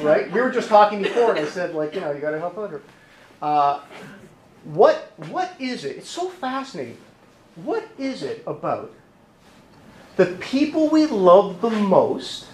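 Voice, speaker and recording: A man, a therapist, giving a lively, humorous conference talk and acting out voices. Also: high-pitched, echoey room, slight background noise, rough recording. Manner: lively and joking, acts out voices. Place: conference hall.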